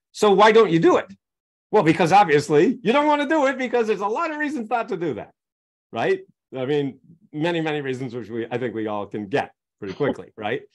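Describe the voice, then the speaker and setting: A man speaking as a coaching guest on a podcast, explaining his method through examples and constantly checking in with his listeners. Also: on the high side. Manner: teaches through examples, keeps checking in with "right?".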